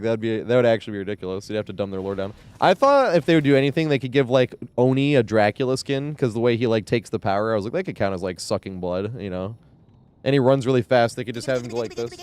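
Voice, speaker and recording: A man's voice: mid-range voice, a little mellow, clear, resonant tone, no echo. A man chatting casually during a live game stream, rambling and laughing, swearing freely.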